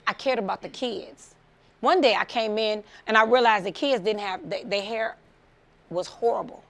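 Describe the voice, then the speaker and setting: A woman's voice: mid-range voice, vocal fry. A middle-aged woman from the Chicago suburbs, giving a motivational talk as a story and acting out the voices of the people in it. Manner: animated, acts out quoted voices, laughs often. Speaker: motivational speaker.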